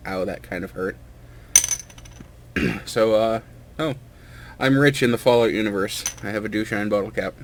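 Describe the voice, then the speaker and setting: Young man, low-pitched, rambling and self-deprecating, noisy home recording with clinks. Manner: hesitant, filler-heavy, self-deprecating. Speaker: hobbyist vlogger. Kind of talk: casual rambling chat.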